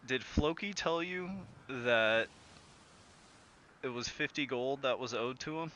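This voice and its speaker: A man's voice: mid-range voice, slow, pushed and bright, a little hiss or hum, pitched above the performer's own voice. A man doing a stern commanding ship captain.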